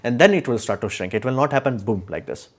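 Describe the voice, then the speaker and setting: A man speaks off the cuff on a live stream, his voice sitting at an ordinary middle pitch. He is opinionated and rambling, with frequent fillers and restarts. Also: expressive, fast talker. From India. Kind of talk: casual live stream talk.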